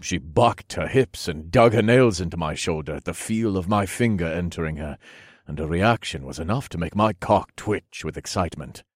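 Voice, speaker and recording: A man reading a first-person fantasy romance story aloud, slow, low and intimate. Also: breathy edge, no echo, studio quality. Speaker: narrator.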